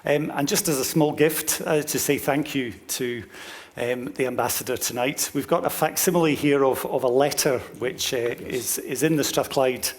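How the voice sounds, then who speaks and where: A man hosting a public lecture, speaking haltingly with many fillers. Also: medium pitch. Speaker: host, lecture chair. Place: university lecture hall. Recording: reverberant lecture hall.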